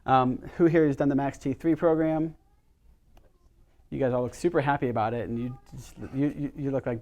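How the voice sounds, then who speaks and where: A man's voice: mid-range voice, fairly even intonation, moderate pace, darkish tone, lo-fi sound. A middle-aged man leads a casual workshop for a small group. He talks in a chatty, storytelling way and keeps asking his listeners questions. His voice sits in an ordinary middle range. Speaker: chiropractor leading a workshop.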